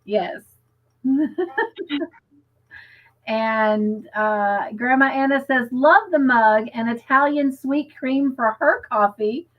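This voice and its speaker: A woman's voice: on the high side, slow pace, long pauses, lo-fi sound. A woman co-hosting a crafting livestream, chatting casually and reading viewer comments aloud, with frequent giggles. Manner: chatty and giggly, lingers on stories.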